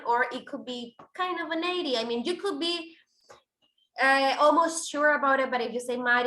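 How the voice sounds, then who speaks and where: A woman teaches an English class, her voice bright and a little high. She explains in loose, restarting sentences and switches into now and then. The room around her is echoey. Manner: explains with many restarts and fillers, switching into Spanish.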